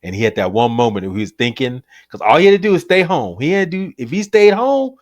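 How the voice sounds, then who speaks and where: Animated male podcast co-host, expressive storyteller, dry close mic. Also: mid-range voice, quick pace, no echo. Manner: animated storyteller, acts out quotes, laughs often. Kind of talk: casual chat about movies.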